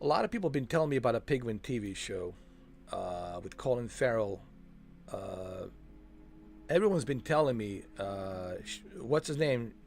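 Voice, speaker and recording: With a mid-range, expressive, slightly mellow voice and some vocal fry, this gaming host talks at normal speed over a walkthrough. He rambles casually, fills in with "man" and "dude," and keeps correcting himself while hunting for names.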